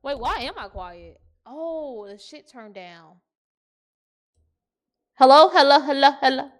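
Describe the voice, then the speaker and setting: Woman, reaction host, high lively voice, chatty asides. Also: slow pace. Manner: chatty, self-talking aside. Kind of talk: casual reaction commentary.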